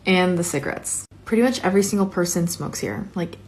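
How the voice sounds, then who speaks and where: A woman's voice: fairly low pitch, brisk, a little hiss or hum. A woman studying abroad, chatting in a bubbly, conversational way in a casual vlog. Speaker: student abroad.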